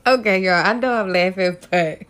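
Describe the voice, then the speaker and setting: A woman's voice: mid-range voice, measured pace, fairly bright tone. A woman hosting a casual celebrity gossip commentary, candid and profane, often laughing, with features. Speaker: host.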